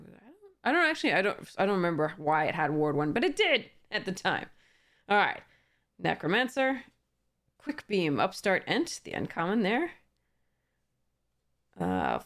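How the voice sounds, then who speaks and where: A young woman chatting casually as she opens card packs, reading card text aloud with frequent fillers and small laughs. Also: fairly low pitch. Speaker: card game YouTuber. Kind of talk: casual pack-opening commentary.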